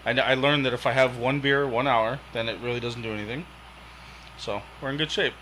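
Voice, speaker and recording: Man, podcast guest, relaxed casual chat, swears freely, bright tone, faint noise. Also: mid-range voice, brisk, poor audio. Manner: relaxed, profane.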